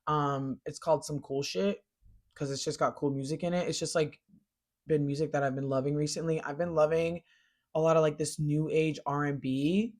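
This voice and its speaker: Animated slangy woman gushing about fashion. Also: low voice, normal speed. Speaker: pop culture podcast host. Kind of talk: casual chat.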